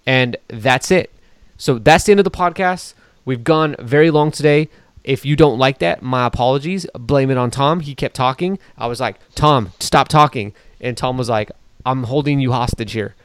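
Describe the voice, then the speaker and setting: Man, podcast host, relaxed joking chat, crisp voice, dry sound. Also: mid-range voice, normal speed, dry recording. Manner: joking, teasing.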